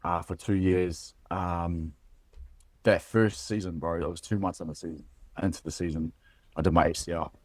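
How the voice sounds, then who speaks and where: Deep-voiced New Zealand ex-rugby man. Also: fairly even intonation, a little mellow, dry recording. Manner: halting, many fillers and restarts, says "bro" often. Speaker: podcast guest, former rugby player. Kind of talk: casual conversational interview.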